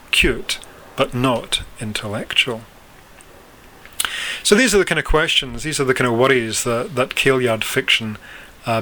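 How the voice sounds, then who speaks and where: A male lecturer talks through his material with a bright, forceful tone. He is measured and questioning and often pauses on fillers. A faint hum of room noise sits behind him. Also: medium pitch. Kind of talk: recorded lecture.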